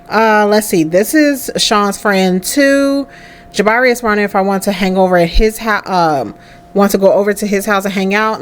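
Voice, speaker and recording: A woman's voice: mid-range voice, lively intonation, moderate pace. A woman hosting a let's play, narrating a life-sim game and voicing the characters' dialogue as quoted asides.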